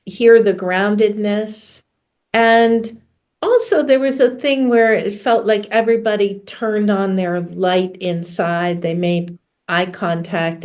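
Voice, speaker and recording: A woman's voice: medium pitch, a little mellow. A woman taking part in a workshop, reflecting thoughtfully and often restarting as she searches for words. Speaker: workshop participant. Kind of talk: reflective group discussion.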